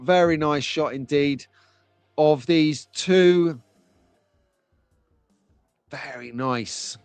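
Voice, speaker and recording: A middle-aged Englishman hosts a casual slot car live stream from his home, chatting and joking as he reads viewers' comments aloud. His voice sits on the high side and sounds smooth, and the recording is dry.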